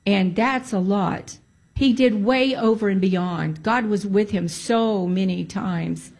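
A woman's voice: medium pitch, takes it slowly, gravelly, darkish tone. A woman giving a testimony to a congregation, emphatic and repeating phrases for stress. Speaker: church speaker giving testimony.

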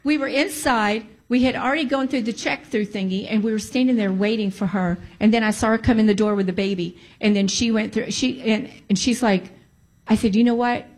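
A woman with a somewhat high voice testifies before a church congregation. She talks emphatically and repeats her key phrases to drive them home. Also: a little fast. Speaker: church speaker giving testimony.

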